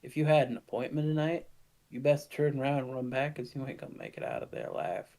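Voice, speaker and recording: A man voicing a crude male fishman thug who talks gruff street slang. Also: medium pitch, huge pitch swings, fast talker, mellow.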